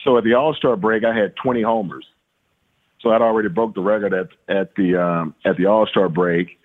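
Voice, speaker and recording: A man's voice: on the low side, normal speed. A middle-aged man from Louisiana, a former baseball player, telling stories in a rambling, casual way with many fillers and repeated words. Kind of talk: casual storytelling interview. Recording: tinny phone-like line.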